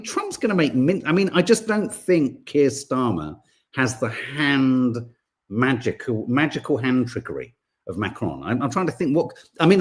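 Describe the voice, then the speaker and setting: A man, hosting a podcast in casual chat and reading out viewer comments in a rambling, animated way. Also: mid-range voice. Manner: rambling, animated, full of restarts and asides. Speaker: podcast host.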